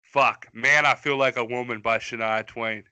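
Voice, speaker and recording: A man co-hosting a podcast, tearing into songs he hates with a loose, profane, rambling delivery. His voice is very bright and tense, recorded dry and close with no room sound. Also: medium pitch, fairly even intonation, normal speed, clean tone, no room sound. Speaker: podcast co-host. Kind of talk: casual chat.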